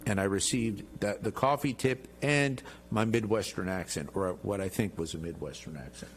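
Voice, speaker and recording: Being interviewed as a guest congressman, a middle-aged man talks emphatically, boastfully and jovially. His voice is lowish and his pace moderate, with a little hiss or hum in the recording.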